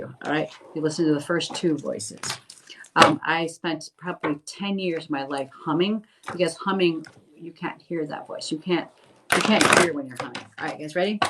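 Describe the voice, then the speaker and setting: A middle-aged woman who works as a medium chats casually during a phone livestream, reading viewers' comments aloud and offering reassurance as part of her live readings. Her voice sits low, and the audio is very noisy.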